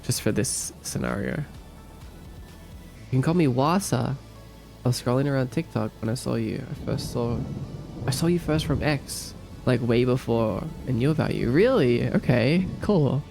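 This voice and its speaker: Gravelly-voiced Australian man chatting with his stream. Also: mid-range voice, animated, normal speed, darkish tone, faint music behind. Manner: playful and easygoing, answers chat with light joking. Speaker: livestreamer. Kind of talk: casual livestream chat, reading viewer comments aloud.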